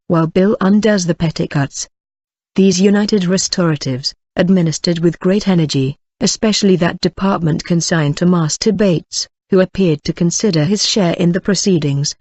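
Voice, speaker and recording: A narrator reads a classic novel in a steady, even way and now and then slips on a word. The recording is dull and lo-fi, and it is dry with almost no room sound. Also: mid-range voice, no room sound. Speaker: audiobook narrator.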